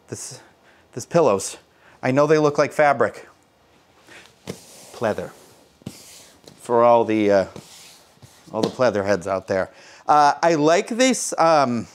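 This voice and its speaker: A young man casually giving a hotel room tour, chatty and jokey with self-mocking asides. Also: a little high. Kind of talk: casual walk-through vlog.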